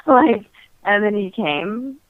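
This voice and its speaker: In a mid-range voice, a podcast guest giggles her way through a candid personal story, leaning on "like" as filler. There's no echo; the audio is tinny and dry, like a phone call.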